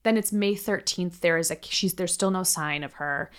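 A woman with a fairly low voice recounts a true-crime case to her co-host. She talks casually and chattily, peppering her sentences with filler words and blunt swearing. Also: moderate pace, clear, resonant tone. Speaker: podcast co-host.

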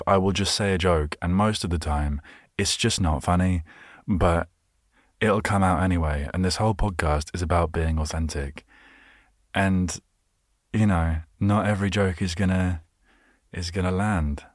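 A man with a very low, deep voice, hosting his podcast alone and rambling from one thought to the next. He pokes fun at his own jokes, and the recording is close and dry. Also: no room sound. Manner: rambling and self-mocking, full of asides. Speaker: podcast host. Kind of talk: solo rambling podcast monologue.

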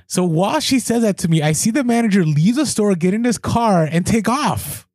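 A man's voice: high voice, a little fast, few pauses, dry recording, clean studio sound. A man chatting casually and telling a story, acting out the people in it, his voice jumping up when he is exasperated. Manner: animated, acts out quoted people, voice jumps up in exasperation.

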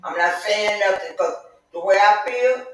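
A middle-aged woman teaching Sunday school in a church, preaching fervently and mixing in chatty personal stories, often rising to emphatic shouts. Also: medium pitch, moderate pace. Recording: echoey room, mic far off.

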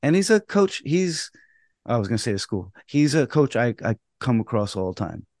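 Animated man telling umpire stories. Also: medium pitch, moderate pace, no room sound, clean studio sound. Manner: animated storytelling, acts out both sides of quarrels; swears casually. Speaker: podcast co-host and umpire. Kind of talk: casual podcast chat.

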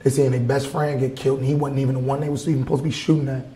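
A man's voice: medium pitch, flat delivery, rapid-fire, dark tone, echoey room, slight background noise, low-quality recording. A male artist from Wisconsin talking in a casual interview in an art gallery, blunt and heated, swearing freely. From Wisconsin, USA. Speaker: artist guest.

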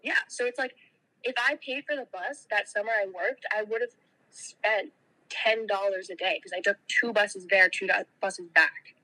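Bright-voiced young woman telling stories. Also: mid-range voice, moderate pace, no echo, poor audio. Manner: laughing storyteller, swearing freely. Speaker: podcast guest. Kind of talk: casual chat.

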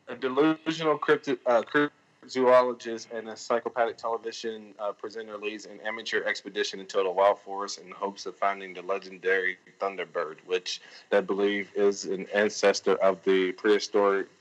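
A man's voice: on the low side, little pitch movement, moderate pace, lo-fi sound. A man chatting casually as a filmmaker guest on a podcast, rambling with lots of fillers and restarts.

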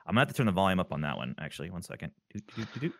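A man's voice: deep voice, big pitch swings, very fast, vocal fry, no room sound, studio quality. A man hosting a podcast in casual chat, walking through his clips with lots of ums and restarts. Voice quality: rambling, filler-heavy delivery. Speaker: podcast host.

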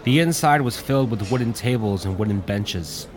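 A man reading a war story aloud in steady audiobook narration. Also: lowish voice, moderate pace.

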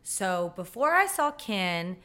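A woman's voice: mid-range voice, big pitch swings, slow, pushed and bright. A woman, hosting a podcast and telling funny stories in a sassy, self-deprecating way. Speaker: podcast host. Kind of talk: casual comedic storytelling monologue.

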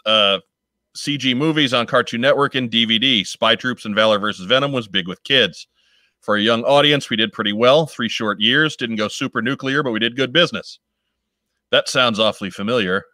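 A man's voice: mid-range voice, sharp tone, no room sound. A man co-hosting a casual podcast, upbeat, reading listener letters aloud. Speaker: podcast co-host.

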